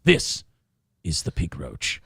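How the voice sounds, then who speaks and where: A man's voice: bright, forceful tone, no echo, clean studio sound. A man putting on a grave wildlife documentary narrator. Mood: solemn. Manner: slow, grave documentary delivery. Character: deep-voiced male wildlife documentary narrator, solemn. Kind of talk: mock nature documentary narration.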